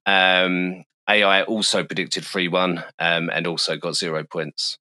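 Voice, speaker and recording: A man's voice: low-pitched, flat delivery, measured pace, bright, forceful tone, no echo. A man with a London accent hosting a casual football podcast, swearing freely and fumbling through the results with self-mocking asides. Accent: London English. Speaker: podcast host. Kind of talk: casual chat.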